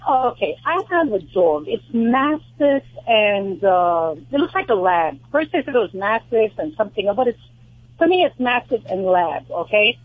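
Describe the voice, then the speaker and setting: A woman's voice: medium pitch, sing-song, normal speed, husky, no echo, phone-quality sound. A woman caller with a New York accent, telling her story in a chatty way.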